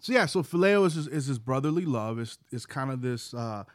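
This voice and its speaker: A man co-hosting a casual faith podcast, sniffly with a cold, explaining things haltingly with many restarts. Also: mid-range voice, animated, no echo, studio quality. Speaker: podcast co-host.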